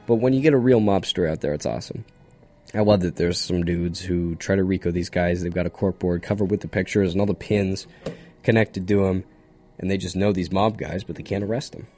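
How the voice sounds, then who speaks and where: A man's voice: low-pitched, mellow, slightly rough. A young man hosting a solo radio show, chatting casually in a rambling, jokey way that keeps drifting off topic, and running on no sleep. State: sleep-deprived.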